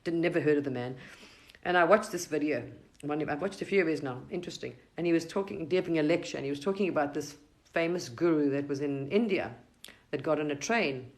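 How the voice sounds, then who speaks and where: Woman, middle-aged, live stream host, rambling, gentle, advice-giving, slightly low voice. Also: fairly quick, low-quality recording. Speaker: livestream host. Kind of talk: casual spiritual chat on a live stream.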